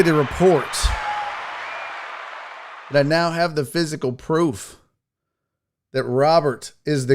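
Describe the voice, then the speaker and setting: A sports show host with a voice on the high side chats casually and profanely on a livestream, teasing his chat. He takes his time, leaving long pauses.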